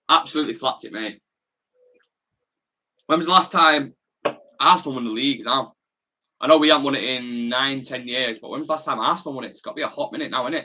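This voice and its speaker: A man's voice: mid-range voice, bright, forceful tone. A young man with a Salford accent, hosting a football watch-along and chatting bluntly with slang as he reads viewer comments. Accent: Salford, Manchester. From Salford, England. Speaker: football fan channel host.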